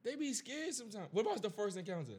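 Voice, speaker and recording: A man's voice: high-pitched, big pitch swings, fast talker. A young man co-hosting a podcast in casual chat, teasing his partner and laughing often. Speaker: podcast co-host.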